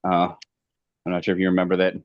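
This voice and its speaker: A man from the American Midwest co-hosting a podcast, telling stories in a dry, deadpan way. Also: sits low, fast, no room sound, highs cut off. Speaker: podcast co-host. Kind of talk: casual chat.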